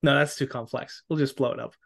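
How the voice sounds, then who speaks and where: A man's voice: medium pitch, steady tone, fast, gravelly, breathy edge. A man playing a tabletop game, eager and joking, often laughing. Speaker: player.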